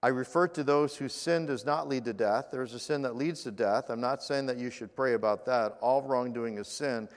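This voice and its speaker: A man preaching a sermon as pastor, earnest, slowing down for scripture and dropping to a hush in prayer. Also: medium pitch, in a large hall.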